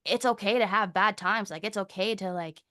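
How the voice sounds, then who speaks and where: A woman's voice: mid-range voice, no echo, studio quality. A young woman from Canada, a guest speaker in a casual interview, telling stories with lots of "like" and acting out what others said. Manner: animated storyteller, acts out quoted dialogue; frequent "like" fillers, quick bursts.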